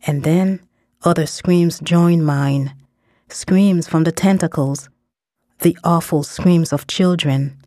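A woman reading a first-person story aloud in a measured way, dropping in short phrases in another language. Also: deep voice, dark tone, no echo, studio quality. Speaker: narrator. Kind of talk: scripted story narration.

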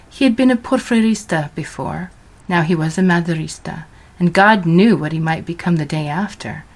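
A woman reading a story aloud as narrator in a measured, scripted storytelling manner. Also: deep voice.

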